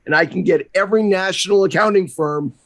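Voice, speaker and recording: A man co-hosting a podcast, speaking in a measured, slow way with fillers. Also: high voice, a bit bright. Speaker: podcast co-host. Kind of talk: casual conversation.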